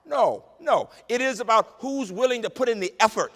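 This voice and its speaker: A man giving an inspirational keynote speech in a large conference hall, with a rhythmic, repetitive cadence that drops to a hush in tender moments. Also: very high-pitched, moderate pace. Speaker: keynote speaker, university president. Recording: long hall reverb over a PA.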